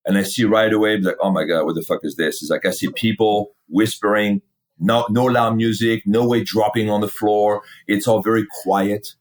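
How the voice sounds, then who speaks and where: A middle-aged man, a fitness company founder, telling his story in a casual interview, animated, swearing freely and acting out old conversations. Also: fairly low pitch. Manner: animated, swears freely, acts out past dialogue.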